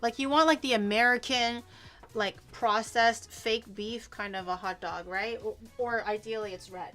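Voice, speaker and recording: A woman streamer with a crisp, bright voice set a touch high talks loosely while she cooks, swearing casually and joking at her own expense. Faint music sits behind her in a home kitchen. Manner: animated, quick to laugh, swears casually, self-mocking. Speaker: VTuber streamer. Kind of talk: casual cooking livestream chat.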